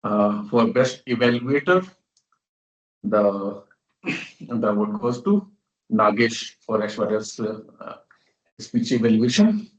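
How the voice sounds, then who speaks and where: A man's voice: lowish voice, expressive, takes it slowly, long pauses. A man organizing an online club meeting, speaking in a plain, matter-of-fact way as he announces results. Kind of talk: casual online meeting talk. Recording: roomy, distant, lo-fi call audio.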